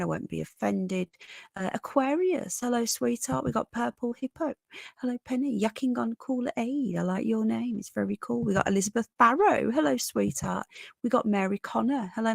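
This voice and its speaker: A woman from Birmingham with a Birmingham accent, hosting a casual live stream from her bedroom and greeting viewers warmly with endearments. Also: mid-range voice, gravelly, no room sound. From Birmingham, England. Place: home bedroom.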